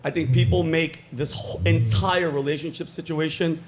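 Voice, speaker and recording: A man's voice: on the high side, normal speed, a little hiss or hum. A man on a podcast panel giving blunt, laid-back advice, swearing freely. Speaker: panel guest. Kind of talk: casual panel chat.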